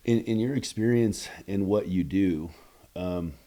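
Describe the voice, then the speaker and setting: A man with a very low, dark voice hosts a casual podcast chat. His questions ramble, halt and restart as he works his way to the point. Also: measured pace. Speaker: podcast host.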